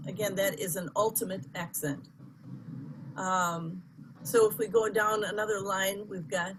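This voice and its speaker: A woman's voice: mid-range voice, fairly even intonation, unhurried, noisy background. A woman teaching chant in an online workshop, explaining with chatty asides, apologies and easy laughter.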